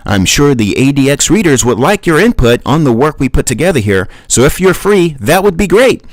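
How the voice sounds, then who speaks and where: A man's voice: on the high side, big pitch swings, fairly quick, dry recording, voice pushed up. A man voicing a cheerful male developer leaving a courteous voicemail. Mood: upbeat. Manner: upbeat, courteous voicemail delivery.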